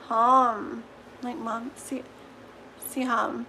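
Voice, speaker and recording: High-voiced, slow, chatty tarot streamer woman. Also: steady tone, gravelly, sharp tone, a little hiss or hum, rough recording. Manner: chatty and gushing, laughs often. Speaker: tarot reader hosting a livestream. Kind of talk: casual livestream chat.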